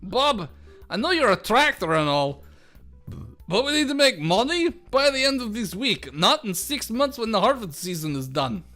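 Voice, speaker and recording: A man's voice: sits high, sing-song, normal speed, bright, forceful tone, soft background music. A man co-hosting a podcast, improvising comedy with dry, sarcastic comebacks. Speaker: podcast co-host. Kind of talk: improvised comedy role-play.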